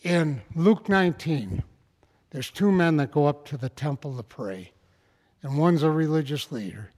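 A man preaching a sermon in a folksy, conversational way that rises into fervent, loud passages. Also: fairly high pitch, animated, unhurried, long reverb tail.

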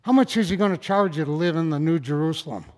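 Man preaching, folksy then fervent, fairly high voice, long church reverb. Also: fast talker. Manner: folksy, building to fervent shouted passages. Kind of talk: sermon.

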